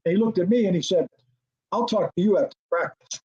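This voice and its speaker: A man's voice: high-pitched, fast, lo-fi sound, slight background noise. An older man, a former football coordinator, telling a story as an interview guest and acting out the dialogue. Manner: animated storyteller, acts out quoted dialogue, laughs often.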